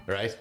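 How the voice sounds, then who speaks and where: A man, co-hosting a casual podcast, telling a rambling, self-deprecating story and laughing often. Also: a little hiss or hum. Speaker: podcast co-host.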